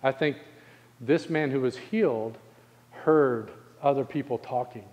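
A male pastor preaching a sermon, asking the congregation rhetorical questions and slowing down to stress key phrases. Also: medium pitch, long reverb tail, muffled recording.

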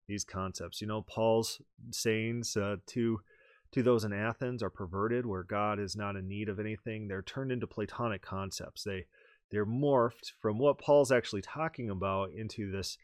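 A man with a fairly low voice hosts a teaching podcast, laying out ideas step by step in an explanatory manner. The sound is dry and close, with no room around him. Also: fairly even intonation, moderate pace, no echo. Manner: explanatory, reads quoted texts aloud with rising emphasis. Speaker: podcast host. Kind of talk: teaching podcast talk with read-aloud quotations.

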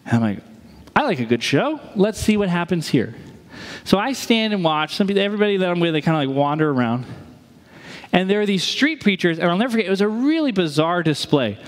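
High-voiced male pastor in echoing hall. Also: fast. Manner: animated storyteller, acts out quoted voices. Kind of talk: sermon with storytelling. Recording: long hall reverb.

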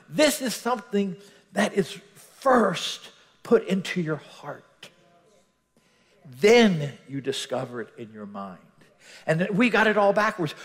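Animated male preacher in a hall. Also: fairly high pitch. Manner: animated, acts out Bible scenes with voices, swings between loud and hushed. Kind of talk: sermon. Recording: reverberant hall.

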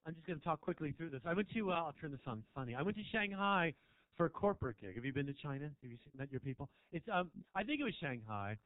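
In a small club, a male stand-up rambles provocatively and teases his audience over a handheld stage mic. His voice is a little high, animated and fast, and the recording has no echo and phone-quality sound.

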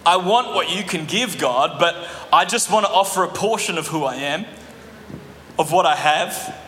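A male pastor preaching an animated sermon, with joking asides to the congregation. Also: fairly high pitch, normal speed, slight background noise. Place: church hall. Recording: echoey hall recording.

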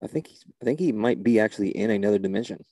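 A man's voice: fairly low pitch, very fast, dark tone, no room sound. A man in a comedy sketch, talking in an exasperated, incredulous way.

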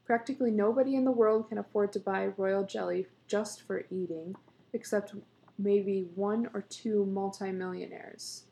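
A woman's voice: mid-range voice, fairly even intonation, normal speed, creaky, warm tone, close to an everyday voice. A woman voicing a proud, teasing beekeeper husband in a read-aloud story, coaxing and patient as he explains himself. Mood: boastful.

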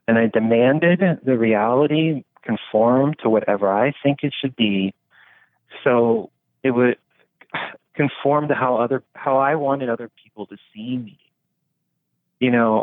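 Speaking at a medium pitch, a man talks casually and philosophically, wandering through his thoughts with plenty of fillers and free swearing. The recording is dry and tinny, like a phone line, with no room sound.

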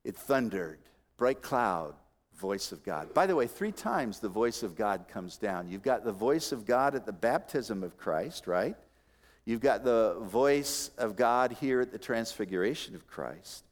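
A man preaching a sermon as pastor to his congregation, with expressive delivery that moves from soft asides to loud emphatic peaks and dry humorous remarks. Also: lowish voice, unhurried. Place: church sanctuary. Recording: long reverb of a large hall.

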